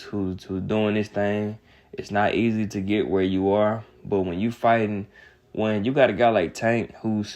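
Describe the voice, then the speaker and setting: A man's voice: on the low side, darkish tone. A young man, ranting in casual commentary with a heated, mocking, repetitive manner. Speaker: boxing commentator.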